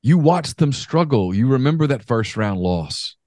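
A man co-hosting a sports podcast, telling stories in an animated, emphatic way. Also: medium pitch, moderate pace, dry recording. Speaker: podcast co-host. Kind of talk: casual sports talk.

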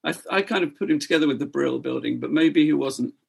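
A man's voice: a little high, fast talker, vocal fry, husky. A man co-hosting a podcast, asking hesitant, thoughtful questions. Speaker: podcast co-host. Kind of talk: casual podcast chat.

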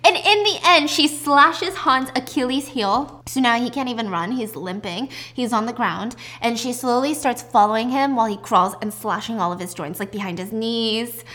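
A woman casually recapping a drama plot in a chatty, animated way with side remarks. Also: a little high, moderate pace, few pauses. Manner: chatty, animated retelling with asides.

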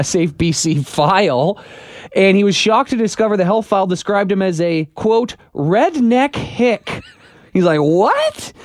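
A man's voice: fairly high pitch, a little mellow, dry recording, studio quality. A man co-hosting a talk show, telling a story in a wry, chatty way. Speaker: radio co-host. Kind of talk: casual chat.

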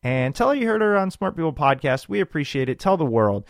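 A man in his thirties opens his podcast in a loose, chatty way and pokes fun at himself. His pitch moves all over the place, and the sound is dry and close to the mic. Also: fast, creaky, no room sound. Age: 30s. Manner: chatty, animated, self-joking. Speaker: podcast host. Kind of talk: casual podcast intro.

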